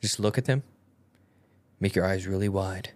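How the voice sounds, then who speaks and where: A woman's voice: a bass voice, normal speed, a little mellow. A woman co-hosting a podcast in casual chat, goofy and rambling, with many fillers and restarts. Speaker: podcast co-host.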